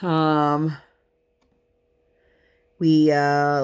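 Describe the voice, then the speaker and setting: Woman, thirties, low-pitched, chatty crafting-vlog storyteller. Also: fairly even intonation, a little slow, pauses often, a little mellow. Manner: chatty storytelling with fillers and laughs. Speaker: crafting vlogger. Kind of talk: casual chat while crafting.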